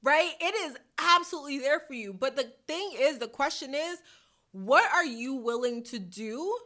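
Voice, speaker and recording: A woman hosts a motivational podcast to camera from a hot room at home, recorded on the camera mic. Her high voice is bright and forceful, and she talks at a moderate pace in an animated, chatty, playful way, using sassy slang and laughing often.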